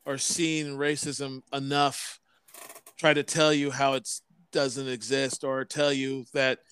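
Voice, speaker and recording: A man's voice: medium pitch, flat delivery, takes it slowly, a bit bright, clear, resonant tone. A man in casual chat, ranting bluntly and with heavy profanity.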